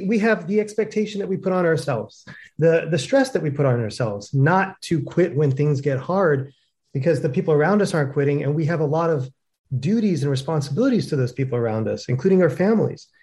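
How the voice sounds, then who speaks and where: A man's voice: fairly high pitch, a little mellow. Chatty man with a raised voice. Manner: casual, chatty, many fillers. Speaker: co-host. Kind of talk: webinar talk.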